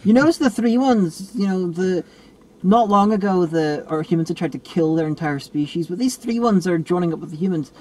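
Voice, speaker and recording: A man in casual film review chat, rambling and animated, often restarting his sentences. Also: high voice, fairly quick, poor audio. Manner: rambling, animated, self-correcting.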